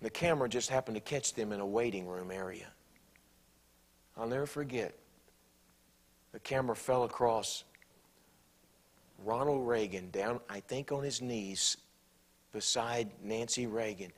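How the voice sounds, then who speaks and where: A man preaching a sermon in a church, animated and bursting into acted-out quotes. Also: medium pitch, normal speed, long pauses.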